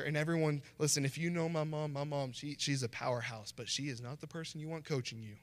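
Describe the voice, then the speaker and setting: In a church sanctuary, a guest pastor preaches conversationally, briefly acting out other people's words. His voice is on the high side with fairly even intonation, and he speaks quickly with hardly any pauses. The hall adds long reverb.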